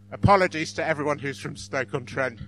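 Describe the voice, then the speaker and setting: A man's voice: fairly high pitch, a bit bright, a little hiss or hum. A man giving an informal church talk, self-deprecating and apologetic with frequent chuckles. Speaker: church speaker.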